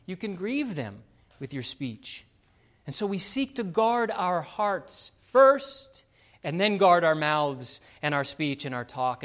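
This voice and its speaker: A middle-aged man preaching a sermon as pastor, emphatic, swinging between loud stresses and hushed asides. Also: a little high.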